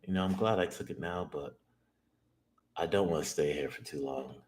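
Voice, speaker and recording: Talking to himself as he trades on a live stream, this man curses and doubts each decision he makes. He has a rumbling low, slightly mellow voice at a moderate pace, with roomy echo and faint noise behind him.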